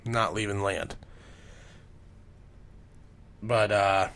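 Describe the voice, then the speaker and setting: A man's voice: lowish voice, steady tone, very slow, fairly bright tone. Profane, rambling male podcast host. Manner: profane, rambling, swears constantly. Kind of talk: casual podcast storytelling.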